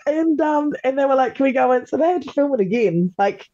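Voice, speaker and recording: A woman's voice: high voice, fast, hardly any pauses, no room sound, highs cut off. A woman with an Australian accent, a guest on a podcast, chatting casually and animatedly, swearing freely and acting out what people said. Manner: animated, swears freely, laughs often, acts out quotes. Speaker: podcast guest, former reality show contestant. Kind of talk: casual interview chat.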